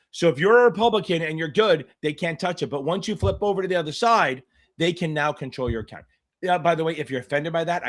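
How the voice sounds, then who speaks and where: A man's voice: a little high, a bit bright. A middle-aged man tutoring exam candidates in a live-streamed Q&A, blunt, profane and provocative, wandering into side stories. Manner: rambling digressions.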